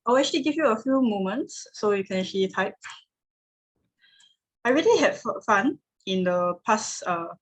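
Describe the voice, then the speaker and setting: A woman's voice: mid-range voice, expressive, normal speed, low-quality recording. A woman giving the opening address at an online club meeting in a friendly way, with frequent fillers. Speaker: club president. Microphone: video call.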